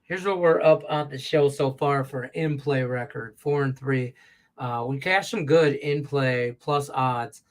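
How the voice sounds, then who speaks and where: A man hosting a live sports betting show, reacting to the game with profane, excitable commentary that swings from loud rants to low mutters. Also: unhurried.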